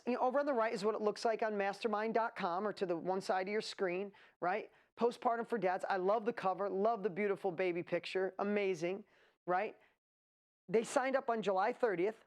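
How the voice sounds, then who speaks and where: A woman hosting a live online event, talking in an excitable, rambling way as she builds hype. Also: mid-range voice. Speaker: event host. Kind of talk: energetic live webinar presentation.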